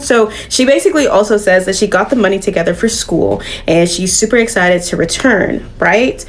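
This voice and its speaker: A woman reviewing comics in a casual recap, animated and swearing freely. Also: medium pitch, moderate pace, few pauses, slight background noise.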